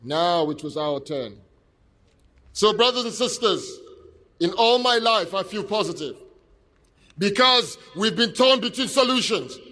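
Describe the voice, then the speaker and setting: A man giving an impassioned speech at an outdoor street protest, shouting call-and-response questions to a crowd. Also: high-pitched, expressive, unhurried, long pauses. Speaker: speaker at a protest rally.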